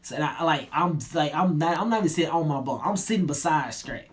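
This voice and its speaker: A young man telling a personal story in a relaxed, slangy way, often trailing off low and quiet. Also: fast. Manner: laid-back slangy retelling, drops low and quiet at line ends. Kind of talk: casual storytelling.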